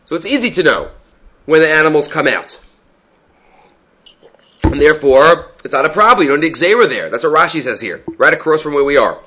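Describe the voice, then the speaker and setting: A man with a fairly high, bright, forceful voice leads a Talmud lesson. He explains each point in turn and keeps asking "right?" as he goes. The recording sounds dull and lo-fi. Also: expressive, a little fast, pauses often, husky. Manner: explanatory, asks rhetorical "right?" often, mixes Aramaic terms. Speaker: Talmud teacher. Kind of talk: Talmud lecture.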